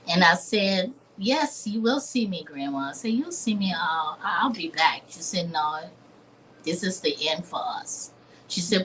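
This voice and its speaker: In a live interview, a Liberian chef in her fifties tells a personal story, earnest and dramatic, acting out the voices she quotes. Her lowish, slightly bright voice is animated and a little slow, on a low-quality recording with slight background noise.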